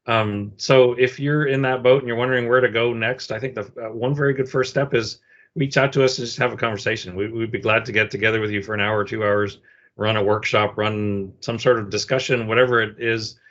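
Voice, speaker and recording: Man on a panel call, lots of ums and restarts, mid pitch, dull lo-fi sound. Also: fairly bright tone. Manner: hesitant, many ums and restarts. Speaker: panelist, consultant. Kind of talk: online panel discussion. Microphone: video call. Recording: muffled video call audio.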